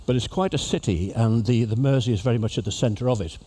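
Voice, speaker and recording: A man's voice: mid-range voice, fast talker, mellow, a little hiss or hum. A man giving a humorous, chatty talk to cruise passengers as an after-dinner speaker. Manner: jokey, chatty storyteller addressing an audience. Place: ship lecture venue.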